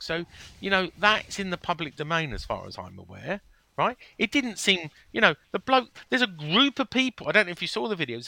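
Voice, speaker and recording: A man hosting a casual football podcast, telling stories in an animated, defensive way. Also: high-pitched, gravelly. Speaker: podcast host.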